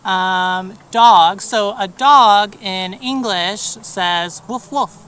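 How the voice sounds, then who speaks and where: Slow, patient Korean woman. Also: mid-range voice, fairly bright tone, slight background noise, poor audio. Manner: patient, explains and spells out words. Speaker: language student. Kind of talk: casual chat.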